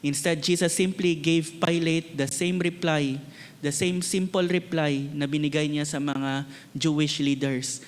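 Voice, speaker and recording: A Filipino-accented man preaching an earnest sermon, his voice sitting a bit higher than most men's. He repeats key words to drive them home. A long reverb from the church hall trails behind each phrase. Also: a little slow. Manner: earnest preaching, switching between English and Tagalog, repeating words for emphasis. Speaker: pastor.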